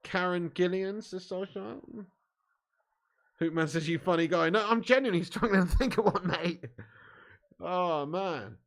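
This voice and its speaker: A chatty man from the south of England, hosting a live football watch-along. His voice sits a little high for a man. He reads out viewer comments and trades banter, laughing often. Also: a little slow, gravelly, long pauses. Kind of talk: casual live-stream chat, reading out viewer comments.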